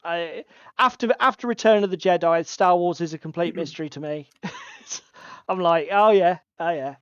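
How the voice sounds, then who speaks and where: A man's voice: fairly high pitch, fairly even intonation, moderate pace, clean tone, dry recording. A man hosting a casual hobby podcast, chatty and given to swearing. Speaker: podcast co-host. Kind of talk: casual chat. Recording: slightly dull lo-fi audio.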